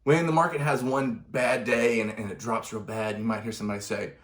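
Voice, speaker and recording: A man's voice: mid-range voice, fairly even intonation, fairly quick, few pauses. A man giving a conversational finance lesson, correcting himself now and then and adding wry asides. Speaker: finance instructor. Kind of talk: explanatory video lesson.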